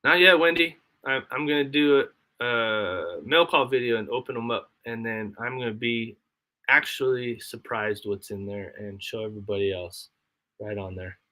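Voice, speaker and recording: Bright-voiced guy rambling on his live stream, answering chat, homey casual talk. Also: medium pitch, moderate pace. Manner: rambling, chatty, reads and answers chat aloud. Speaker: livestream host. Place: home, homestead.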